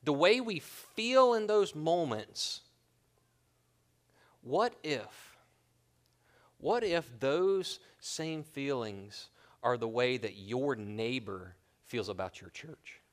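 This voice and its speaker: A man's voice: medium pitch, animated, slow pace. A man pastor preaching a sermon in an earnest, conversational way with colloquial asides.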